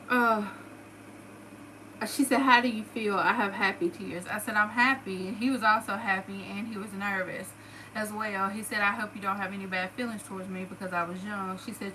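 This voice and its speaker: A woman's voice: medium pitch, bright, forceful tone, poor audio. Southern woman vlogger, chatty and emotional, casual storytelling, faint background hiss. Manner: chatty, emotional, lots of "like" fillers.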